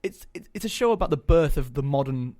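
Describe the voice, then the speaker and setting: A man's voice: on the high side, animated, fast, darkish tone. Young guy chatting in an interview, lots of ums and restarts, easygoing. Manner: chatty, hesitant with many ums. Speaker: guest actor. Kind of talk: casual interview chat.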